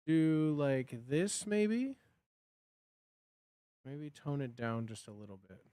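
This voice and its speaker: A man's voice: a little high, sing-song, slow, dark tone, clear, resonant tone, no echo, clean studio sound. A man chatting casually on a live stream, nervous and muttering to himself between fillers. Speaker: livestreamer.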